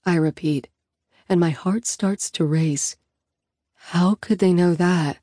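A woman reads a novel aloud in the first person with an intimate, reflective manner. Her voice is fairly low and warm. The recording is close and dry, with no room sound. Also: slow pace, dry recording. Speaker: audiobook narrator.

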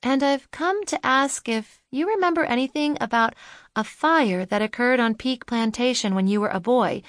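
A persistent, probing young woman, voiced by the audiobook narrator, asking question after question in a lifted, earnest voice. She holds steady and never lets the point drop. The sound is dry and close. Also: fairly high pitch, normal speed, no room sound, pitched above the performer's own voice, lightly acted. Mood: insistent.

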